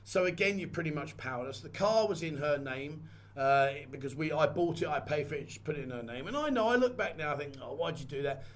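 Man vlogger, fairly high-pitched voice, candid, rambling storytelling, to camera. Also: lively intonation, fairly quick. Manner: candid, rambling, repeats phrases. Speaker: vlogger and photographer. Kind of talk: casual personal storytelling.

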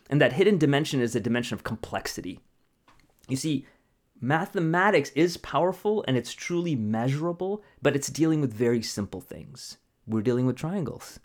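A man, a mathematician, explaining ideas conversationally with analogies, often checking in with a rhetorical "right?". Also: mid-range voice. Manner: animated, asks rhetorical questions and tags "right?". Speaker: mathematician guest.

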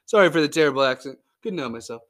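A man's voice: on the high side, animated, brisk, fairly bright tone. Goofy, jokey male podcast host. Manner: jokey and goofy, with playful tall tales; loose and chatty, with frequent fillers. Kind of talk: casual storytelling podcast.

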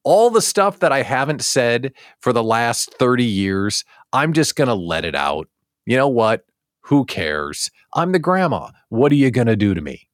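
A blunt, fed-up elderly grandmother, put on by a man, drawls her unfiltered remarks slowly and defiantly. The sound is dry and close, with the voice rising and falling freely. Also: medium pitch, very animated, dry recording.

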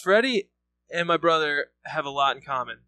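A man's voice: fairly high pitch, animated, normal speed, sharp tone, smooth, no echo. A man co-hosting a podcast in casual chat, rambling with lots of "like" and swearing, and laughing as he tells stories. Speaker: podcast co-host.

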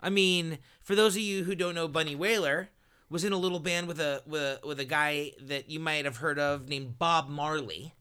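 A man's voice: fairly high pitch, normal speed, bright, forceful tone, clear, resonant tone. A man hosting a podcast, casually chatting and prompting his guest with eager questions. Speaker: podcast host. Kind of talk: casual chat.

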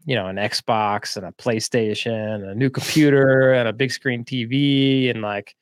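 A man co-hosting a podcast, telling a story in a relaxed, chatty way, with frequent laughs and fillers. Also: mid-range voice, clear, resonant tone, no echo, studio quality. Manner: laid-back, laughs often, quick bursts with lots of fillers. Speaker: podcast co-host. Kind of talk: casual storytelling chat.

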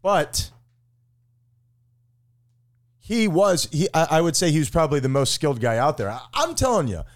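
Middle-aged man, podcast co-host, a bit sick, raised pitch, rambling jokey chat. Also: very animated, moderate pace. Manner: joking, rambling, trails off mid-thought. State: a bit sick, deeper voice today. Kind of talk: casual chat.

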